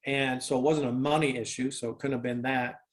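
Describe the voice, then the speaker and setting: A man's voice: medium pitch, little pitch movement, brisk. An older man, a former football kicker, telling a long story in a casual interview, with many restarts and fillers.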